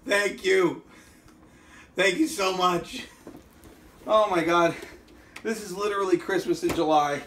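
A man hosting an unboxing vlog, exclaiming loudly over fan mail and swinging between shouts and muttered asides. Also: high voice, slow, long pauses, slight background noise.

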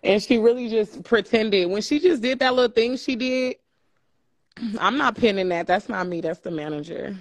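A woman's voice: on the high side, moderate pace, dry recording. A woman co-hosting a live stream, gossiping in a blunt and profane way. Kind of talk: casual live stream chat.

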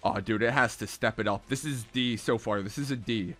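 A young man giving casual, excitable reaction commentary, ranking game emotes with lots of slang. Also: fairly low pitch, a little fast, faint music behind. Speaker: gaming content creator.

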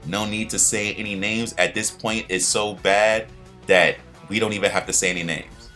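A man's voice: on the low side, fairly even intonation, moderate pace, bright, forceful tone, faint music behind. A young man hosting a casual recap, rambling in slang with many restarts. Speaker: show recap host.

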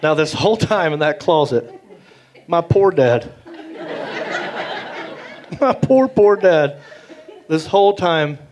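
A middle-aged man with a Southern US accent telling animated stand-up stories on stage, acting out the voices he quotes. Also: a little high, slow pace, pauses often, a faint crowd. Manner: animated, acts out voices, drawling. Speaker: stand-up comedian. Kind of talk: stand-up storytelling. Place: comedy stage. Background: audience laughter.

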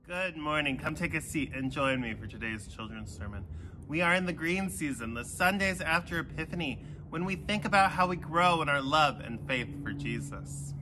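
A man giving a children's sermon, telling a Bible story with animated voices for the characters. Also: fairly high pitch, normal speed, soft background music. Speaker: pastor.

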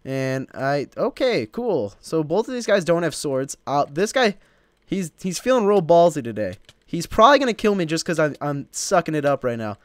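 A man's voice: on the high side, big pitch swings, normal speed, no echo, clean studio sound. A young man from Illinois hosting his gaming channel, rambling casually to himself and the viewers while he plays. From Illinois, United States. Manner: rambling, chatty, self-talking while playing. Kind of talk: casual gameplay commentary.

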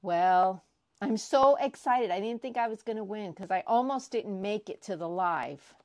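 A woman crafting vlogger unboxing prizes she won, gushing and excitable, often repeating herself. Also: mid-range voice, moderate pace, no echo. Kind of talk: casual unboxing vlog.

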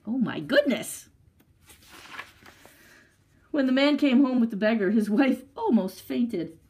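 A woman leading a library story time, reading a picture book aloud to children with expressive storytelling and chatty asides. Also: on the high side, normal speed, rough recording.

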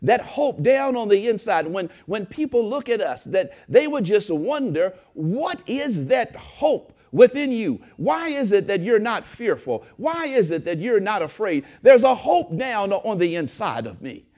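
Pastor, male, high lively preaching voice, repetition-heavy sermon delivery. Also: a little slow, few pauses. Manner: preaching with rising emphasis and repeated phrases. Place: church.

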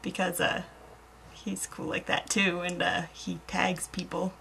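A woman's voice: lowish voice, completely flat delivery, a little slow, creaky, bright, forceful tone, slight background noise. Rambling, giggly young American woman. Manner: rambling, self-mocking, giggly, drops to murmurs. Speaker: vlogger. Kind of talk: casual video blog chat.

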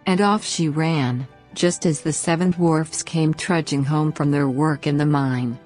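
A woman narrating a bedtime fairy tale in a slow, gentle, expressive reading. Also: low-pitched, soft background music. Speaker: storyteller.

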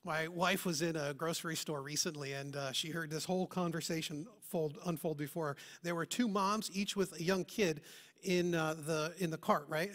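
A man's voice: a little high, a bit bright. A man preaching a sermon as pastor, talking earnestly and asking his listeners many rhetorical questions. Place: church.

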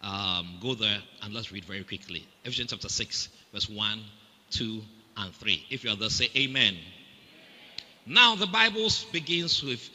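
A man preaching a sermon in a Ghanaian English accent, animated and calling out to the congregation for responses. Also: lowish voice, in a large hall.

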